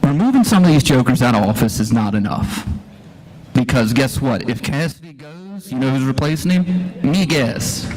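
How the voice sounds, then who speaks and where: A Louisiana school teacher gives a folksy, impassioned town hall speech full of rhetorical questions to a live audience in a church hall. His mid-range voice has lively intonation and a darkish tone at normal speed, heard through an echoey hall live stream.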